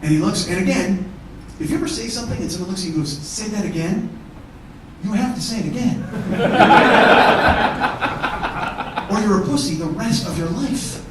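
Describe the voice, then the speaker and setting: A man doing stand-up comedy, telling a profane story and shouting out the heated parts. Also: sits high, lively intonation, moderate pace, long pauses, very noisy. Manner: profane, escalates to shouting in acted-out arguments. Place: theatre stage before a live audience. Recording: echoey theatre, mic at a distance.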